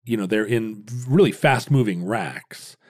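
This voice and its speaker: Man explaining in halting, wry restarts. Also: fairly low pitch, animated. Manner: talks in halting restarts, fond of wry asides. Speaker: podcast co-host. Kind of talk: casual explanatory chat.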